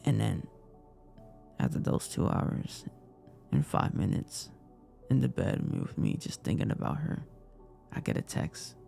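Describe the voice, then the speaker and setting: A young man tells a personal story, rambling and emotional, full of "I was like." His voice is gravelly and mellow, dropping soft at times. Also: lowish voice, very animated, unhurried, long pauses, faint music behind. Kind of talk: casual confessional storytelling.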